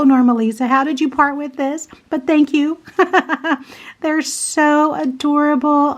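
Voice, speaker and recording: A woman chatting casually to her viewers as she unboxes craft mail, gushing and excited, with frequent gasps and exclamations. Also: fairly high pitch. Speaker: craft vlogger.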